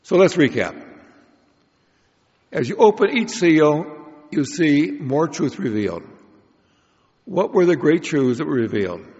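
A man giving a prepared Bible lecture in a measured, explanatory way, with occasional restarts. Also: a little high, very animated, a little mellow. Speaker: Bible study speaker. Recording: dull lo-fi recording in a reverberant hall.

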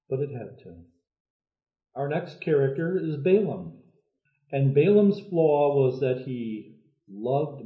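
Male preacher giving a thoughtful, paused sermon; echoey and lo-fi. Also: mid-range voice. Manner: measured, thoughtful storytelling with many pauses. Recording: echoey, phone-like lo-fi sound.

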